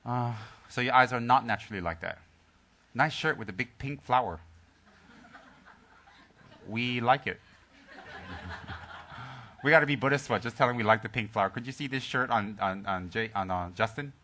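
A man who is a Buddhist teacher giving a Dharma teaching to his group, joking at first and then telling a story in a calm, soft way with many pauses and restarts. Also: medium pitch.

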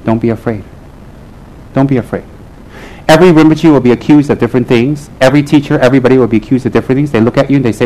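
A man giving a lively, joking Buddhist talk to a live audience, driving points home with repeated punchy lines. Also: medium pitch, racing, rough recording. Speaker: Buddhist lama teaching his group.

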